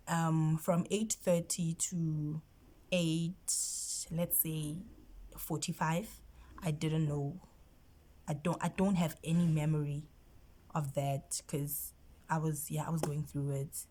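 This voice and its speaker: Low-voiced South African woman vlogger. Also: fairly even intonation, takes it slowly, mellow. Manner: emotional, often drops into a whisper. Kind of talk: storytime vlog.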